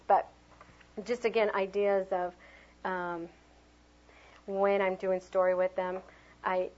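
A woman's voice: medium pitch, highs cut off. A middle-aged woman, a preschool teacher, giving a training talk and acting out children's cheers and reactions as she demonstrates. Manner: animated, acts out sounds and voices for children. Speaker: preschool teacher leading a workshop.

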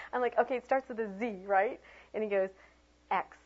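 A woman teaching a workshop on children's ministry, telling lively stories and acting out quoted voices in a high bright tone. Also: brisk, pauses often. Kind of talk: workshop talk. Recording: dull lo-fi recording.

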